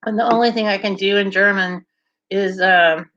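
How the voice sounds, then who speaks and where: A woman's voice: medium pitch, steady tone, normal speed, fairly bright tone, no room sound, highs cut off. A woman from Kentucky with a mild Southern accent, hosting a casual livestream and chatting playfully while reading out viewer comments. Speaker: livestream host.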